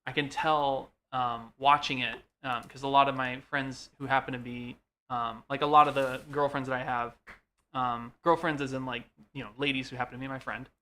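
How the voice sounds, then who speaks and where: A man's voice: mid-range voice, moderate pace. A man co-hosting a live stream, chatting casually and filling his talk with ums and likes. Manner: chatty, filler-heavy, animated storytelling. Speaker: co-host. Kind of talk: casual chat.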